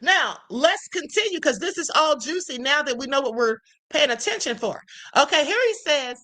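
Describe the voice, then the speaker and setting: A woman's voice: sits high, lively intonation, normal speed, sharp tone, rough recording. A woman hosting a livestream, giving casual commentary as she reads text messages aloud, full of emphatic rhetorical questions. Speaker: livestream host.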